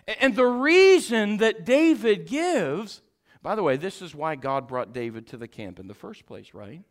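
A man preaching a sermon, swinging from shouted exhortation to quiet, folksy storytelling as he acts out Bible figures. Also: high-pitched, big pitch swings, unhurried. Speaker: pastor.

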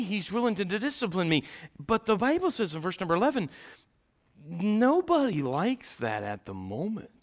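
A middle-aged male pastor preaching a sermon, swinging from loud preaching to quiet storytelling. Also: sits high.

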